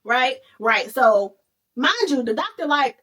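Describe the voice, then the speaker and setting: A woman hosting a podcast, retelling a movie in a casual, animated way with playful asides. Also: high-pitched, slow, distant mic. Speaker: podcast host.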